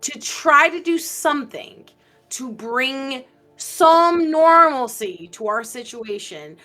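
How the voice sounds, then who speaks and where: A woman playing in a tabletop role-playing game, animated and arguing her case with the game master. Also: sits high, takes it slowly, faint music behind. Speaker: player.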